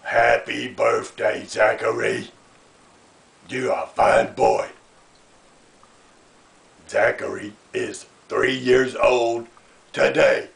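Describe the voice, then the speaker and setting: A man voicing a chatty, forgetful male puppet who asks slow questions. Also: mid-range voice, fairly even intonation, vocal fry, echoey room, recorded from a distance, full character voice.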